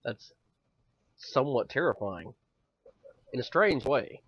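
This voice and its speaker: A man's voice: medium pitch, very animated, takes it slowly, husky, no echo. A man in his thirties co-hosting a casual comedy podcast, loose and profane, swinging between mock boasting and joking gloom. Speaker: podcast co-host. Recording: dull, lo-fi, dry podcast audio.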